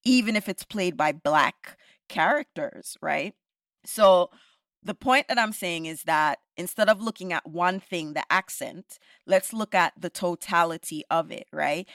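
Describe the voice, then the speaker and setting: A woman, a podcast host giving animated, opinionated views in casual discussion, often ending points with "right?". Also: fairly low pitch, a little slow, dry recording, clean studio sound.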